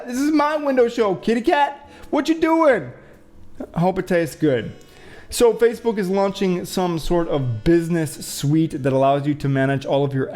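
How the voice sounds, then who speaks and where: A man's voice: fairly high pitch, mellow. A man hosting a casual show, rambling and thinking aloud with joking asides as he reads out headlines. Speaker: show host. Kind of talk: casual commentary on window views and news.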